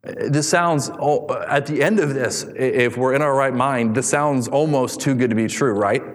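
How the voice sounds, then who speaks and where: A man preaching a sermon, animated, reading scripture aloud and acting out voices. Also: medium pitch, normal speed. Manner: animated preaching, acts out David's voice. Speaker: pastor. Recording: long hall reverb.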